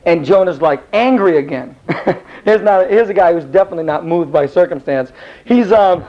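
A male Bible teacher tells the story in a loose, rambling way and slips into the characters' voices. His voice sits a little high, and the recording sounds dull and lo-fi. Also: moderate pace. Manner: rambling, animated, acts out the characters. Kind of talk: casual Bible class storytelling.

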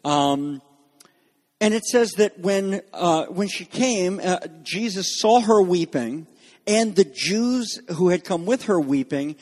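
A man preaching an expository sermon in a measured teaching manner, acting out the quoted lines. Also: fairly high pitch, lively intonation, darkish tone, in a large hall.

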